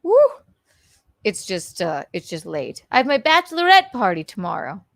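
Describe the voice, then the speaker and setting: A woman's voice: medium pitch, very animated, fairly quick, gravelly, fairly bright tone, dry recording. A woman in her thirties hosting a late live stream, rambling and a little teary as she chats to viewers and signs off. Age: 30s. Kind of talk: casual live-stream chat.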